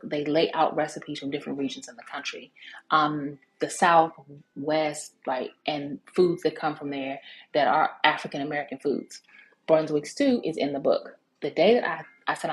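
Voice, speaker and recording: A woman's voice: deep voice, rough recording. A woman giving a casual, chatty cooking demonstration, telling family stories with lots of fillers and restarts. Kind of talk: casual storytelling cooking demo.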